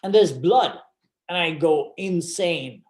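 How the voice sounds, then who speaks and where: Man telling a dramatic story, slow. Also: fairly high pitch, expressive, a little mellow. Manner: dramatic, emphatic repetition. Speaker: guest speaker. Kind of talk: personal storytelling presentation. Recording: roomy event hall.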